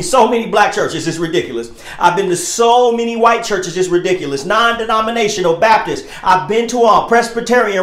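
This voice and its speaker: An American speaker preaching in a loose, conversational way. The voice keeps dropping into low, hushed asides, then rising into loud, high-pitched exclamations, with a steady run of rhetorical questions. It sits at a middle pitch and is heard in a noticeably echoey room. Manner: emphatic, fires rhetorical questions. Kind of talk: informal preaching. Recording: roomy, echoey recording.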